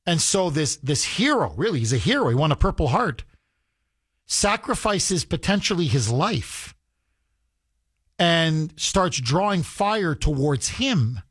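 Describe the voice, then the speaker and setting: A man with a notably high voice speaks as a political commentator, heated and emphatic. He circles back on his phrases to drive them home, stacking repetition on repetition. The sound is dry and close, with no room around it. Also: very animated, a little slow, fairly bright tone, slightly rough, no echo. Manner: emphatic, repeats phrases for effect.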